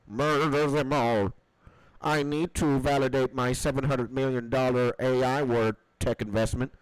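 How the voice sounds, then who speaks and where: A man's voice: mid-range voice, steady tone, a little slow, clear, resonant tone, no room sound, lightly acted, poor audio. A man mocking a smug scheming politician. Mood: mock sinister. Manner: mocking, offhand.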